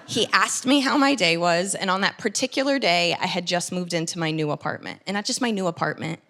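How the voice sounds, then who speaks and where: A woman in her thirties performing a stand-up comedy set, telling a story fast and animated, with loud shouted punchlines. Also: fairly low pitch, a little hiss or hum. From United States. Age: 30s.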